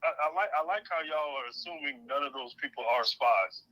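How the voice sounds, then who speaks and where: Man, wry sarcastic panel guest, very bright tense voice, dry phone-line sound. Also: on the high side, a little fast, no echo. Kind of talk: casual debate.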